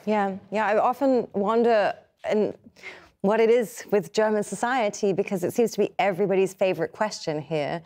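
A woman's voice: mid-range voice, normal speed, darkish tone. A woman on a panel, reflecting aloud and asking a follow-up question. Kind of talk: panel discussion.

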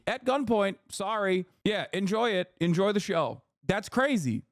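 A man in his thirties streams his reaction to a video, mocking it with profane sarcasm. His voice sits a little high for a man and sounds close and dry, with almost no room around it. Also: animated, unhurried, few pauses, no room sound. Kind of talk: casual live-stream commentary.

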